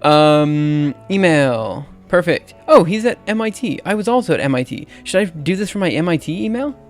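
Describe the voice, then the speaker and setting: With a higher voice that swings widely in pitch, a thirtysomething man from Alabama chats on a livestream in his Southern accent while typing. He stumbles, leans on fillers, and laughs at himself over faint music and keyboard sounds.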